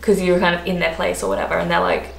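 A woman's voice: lowish voice, rapid-fire, gravelly. Casting note: young Australian woman, chatty vlogger voice, echoey room, faint noise. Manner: chatty, animated, laughing often. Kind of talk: casual vlog chat to camera.

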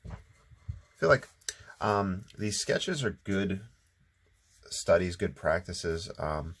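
A man hosting his own watercolor channel, talking through a painting in a relaxed, rambling way with lots of ums, still a bit sleepy. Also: deep voice, takes it slowly, slightly rough. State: sleepy, just waking up. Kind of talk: casual painting tutorial narration.

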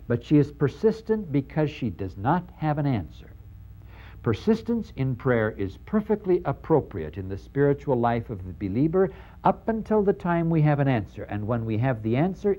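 Guy lecturing on parables, mellow low-key tone, lots of up and down, keeps throwing questions at the room. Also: rough recording. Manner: emphatic, posing rhetorical questions to the audience; animated, acting out quoted speech. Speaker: lecturer on New Testament parables.

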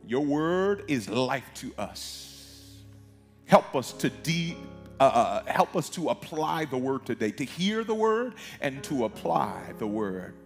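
Pastor preaching in a reverberant hall. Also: male voice, mid-range voice, big pitch swings, creaky. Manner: reads scripture aloud with emphatic pauses and asides. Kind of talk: sermon. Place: church sanctuary. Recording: long reverb of a large hall, music behind.

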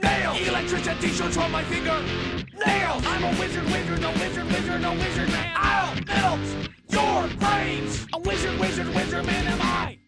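Boastful cartoon wizard, as a woman puts him on: high, flat, shouted chant over loud music. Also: normal speed. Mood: menacing chant. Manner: shouted chanting sing-song. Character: boastful wizard man in a kid's home movie.

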